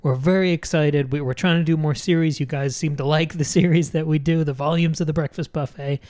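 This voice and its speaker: A man's voice: a little high, fairly even intonation, a little fast, a little mellow, dry recording. A young man co-hosting a podcast, giving friendly upbeat announcements in casual talk. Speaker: podcast co-host.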